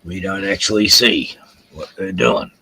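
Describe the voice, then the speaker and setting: A man's voice: deep voice, measured pace, sharp tone, breathy edge, no echo, poor audio. An older Australian man rambling through a casual solo livestream at home, swearing freely as he drifts between topics. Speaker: livestream host.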